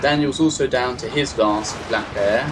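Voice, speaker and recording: A young man giving casual gameplay commentary as host, chatty and excitable, acting out reactions on a home computer mic. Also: medium pitch, moderate pace, background noise. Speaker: gaming video host. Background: game music.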